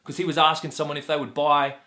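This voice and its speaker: Running his channel's casual gameplay commentary, an Australian mobile game player rants with blunt, profane language. His slightly high voice is sharp and quick with little pitch movement, captured in a roomy, low-quality recording.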